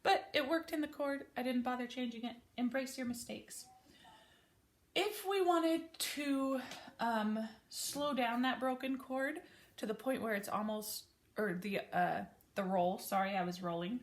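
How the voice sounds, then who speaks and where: A woman's voice: a little high, measured pace. A woman giving a casual piano lesson, explaining chords plainly and correcting herself now and then. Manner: casual, friendly explaining with small self-corrections. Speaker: piano teacher. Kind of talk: relaxed spoken piano lesson. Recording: piano playing between talk.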